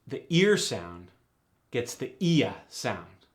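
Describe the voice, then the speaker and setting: A middle-aged man teaching an accent lesson at an unhurried pace. He talks in a medium-pitched voice and lays each point out methodically, one example at a time. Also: sing-song. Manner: methodical, explains step by step with examples. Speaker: accent coach. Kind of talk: instructional explanation.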